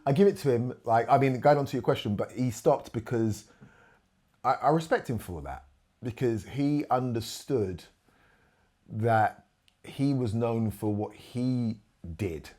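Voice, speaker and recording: A middle-aged man, a podcast guest telling a candid story in an animated way and acting out what other people said. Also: mid-range voice, unhurried.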